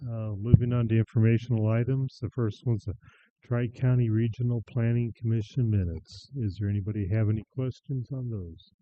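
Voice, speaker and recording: Male chairman, lowish voice, brisk procedural delivery, dull dry meeting audio. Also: fairly even intonation, no room sound. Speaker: committee chairman.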